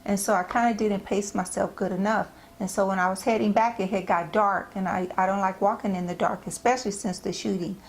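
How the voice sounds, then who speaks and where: A middle-aged woman shares a devotional message in an earnest, gentle way. She often pauses and restarts her phrases. Her voice sits at a medium pitch. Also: steady tone. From United States. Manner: halting, repeats and restarts phrases. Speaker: Christian speaker. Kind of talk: personal devotional talk.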